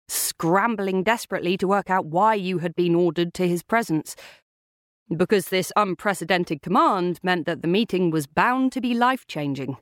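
A woman narrating an unabridged novel in a measured, dramatic storytelling manner. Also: on the low side, no echo, clean studio sound. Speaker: audiobook narrator. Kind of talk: scripted narration.

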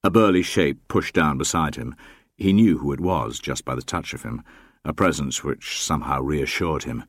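A man with a very low voice reads a novel aloud in a measured, steady way. The sound is close and dry, with no room around it. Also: no room sound. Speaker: audiobook narrator. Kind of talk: scripted narration.

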